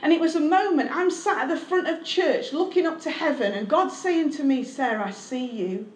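A woman's voice: extremely high pitch, animated, fairly quick. A woman, a pastor giving a candid, conversational testimony sermon with self-deprecating humor. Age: 30s. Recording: echoey room.

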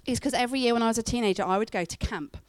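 A middle-aged woman giving a church talk, telling stories with lively acted-out quotes. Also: on the high side, racing, dry recording. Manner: animated storytelling with acted-out quotes. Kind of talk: sermon.

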